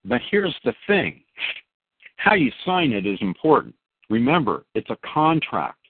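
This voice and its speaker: A man's voice: mid-range voice, sing-song, measured pace, husky, dry recording. A man hosting a talk show, commenting emphatically and speaking straight to the listeners. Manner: emphatic, addresses listeners as folks. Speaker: host. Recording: dry, phone-like line.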